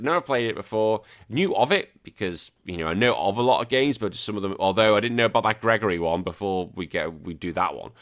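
A man's voice: lowish voice, a bit bright. A man hosting a casual gaming podcast, rambling and self-correcting with a joking tone. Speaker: podcast host.

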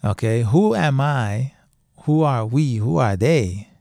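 A middle-aged man talks at an unhurried, deliberate pace, his voice warm and mellow. He speaks casually but firmly, leaning on repeated phrases to drive points home. The sound is dry and close, with no room echo. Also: medium pitch, animated, creaky. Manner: conversational, emphatic, repeats phrases for stress. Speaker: podcast host speaking on divorce and grief. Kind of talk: casual monologue.

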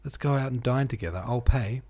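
A man reading aloud and voicing a frightened, ill young woman who speaks hoarsely and pleads. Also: mid-range voice, brisk, warm tone, pitched above the performer's own voice. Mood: pleading. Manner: clingy, fearful pleading.

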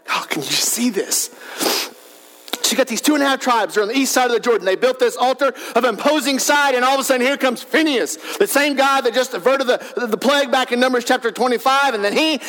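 A pastor preaching a sermon in a church, animated, his voice swelling to shouts for emphasis. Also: very high-pitched. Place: church sanctuary.

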